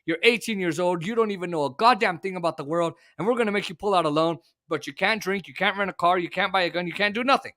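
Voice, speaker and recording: A man's voice: high voice, fast, few pauses, sharp tone, no echo, studio quality. A man hosting a talk show, ranting about politics in a heated, profane way with stumbling restarts. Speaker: host. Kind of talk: political rant.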